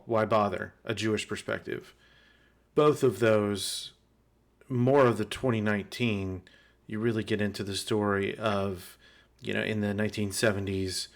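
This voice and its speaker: A man hosting a podcast, introducing his guest in a thoughtful, conversational way. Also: on the low side. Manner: conversational, thoughtful, occasional repeated words. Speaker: podcast host. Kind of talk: podcast interview.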